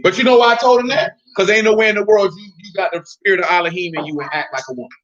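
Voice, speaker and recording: High bright-voiced man teaching scripture bluntly. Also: racing, muffled recording. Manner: blunt, emphatic, slangy, rises to shouting. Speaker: Bible teacher. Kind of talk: informal Bible teaching.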